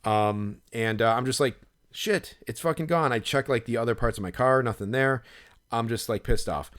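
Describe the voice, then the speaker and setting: A man's voice: mid-range voice, normal speed, clean tone. A man co-hosting a podcast, telling a long casual story full of fillers, swearing and retold inner monologue. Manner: rambling, lots of fillers and profanity, animated when retelling. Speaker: podcast co-host.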